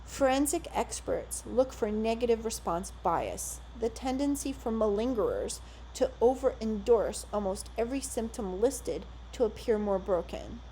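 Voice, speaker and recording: A woman gives scripted documentary narration in a measured, clinical manner. Her voice is mellow and a touch high. Faint noise sits under her voice. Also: low-quality recording.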